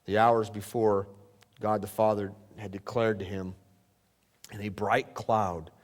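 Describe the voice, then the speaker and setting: A male pastor preaching a sermon, swinging from loud exclamations down to hushed, near-whispered lines. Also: on the low side, flat delivery, a little slow. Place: church sanctuary. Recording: long church hall reverb.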